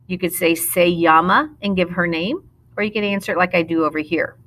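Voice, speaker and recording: Woman Spanish teacher, middle-aged, bright voice sitting a little low, patient, slows down to model words. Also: steady tone. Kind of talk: recorded classroom lesson narration.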